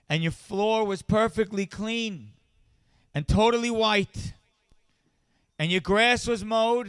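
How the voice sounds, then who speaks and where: Male charity-event speaker: high, smooth voice, close and dry, impassioned with building refrains. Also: no room sound. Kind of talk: inspirational event speech.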